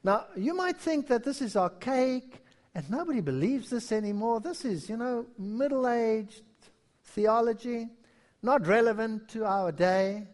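Guy preaching a history sermon, high voice, really animated, acts out the quotes. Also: a little slow. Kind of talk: sermon-style history lecture.

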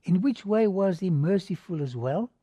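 A man's voice: high voice, lively intonation, moderate pace, mellow, husky, dry recording. A man preaching a sermon, posing rhetorical questions and telling a dramatic story to his listeners. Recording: dull lo-fi recording.

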